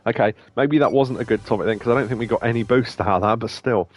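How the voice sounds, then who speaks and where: A man's voice: medium pitch, fast talker. A man hosting a let's play, chatting casually and jokily, reading game text aloud and laughing often. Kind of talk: casual gameplay commentary.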